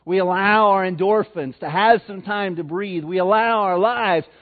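A man with a Missouri accent preaching a sermon, swinging between loud emphasis and soft, slow passages. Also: high voice. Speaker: pastor. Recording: tinny phone-like sound.

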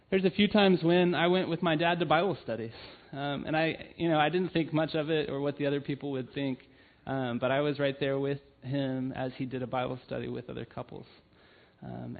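A man's voice: medium pitch, fairly even intonation, brisk, gravelly. A man giving a sermon, telling personal stories in an earnest way with frequent "um"s. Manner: earnest storytelling with frequent fillers. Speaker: church family ministry leader. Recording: tinny phone-like sound.

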